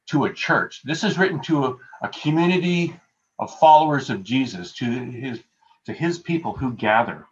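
A man's voice: mid-range voice, muffled recording. A man preaching a sermon as pastor, earnest and emphatic, repeating key phrases for weight.

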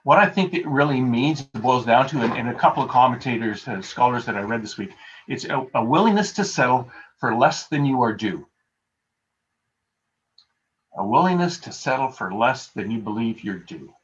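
A man delivering a sermon at a mid pitch, speaking in an easygoing, anecdotal way and poking fun at himself. The sound is muffled and lo-fi, like audio from a video call. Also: animated, a little fast. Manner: conversational, anecdotal, self-deprecating. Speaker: pastor.

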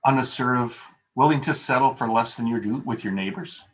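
A man's voice: medium pitch, fairly quick, slight background noise. A male pastor giving a conversational sermon over a video call, telling everyday stories with a self-deprecating touch. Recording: dull lo-fi video call audio.

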